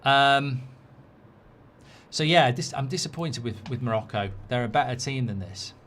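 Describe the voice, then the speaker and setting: A man's voice: mid-range voice, measured pace, a bit bright, slight background noise. A man hosting a live football watchalong, chatting casually and reading out viewer comments.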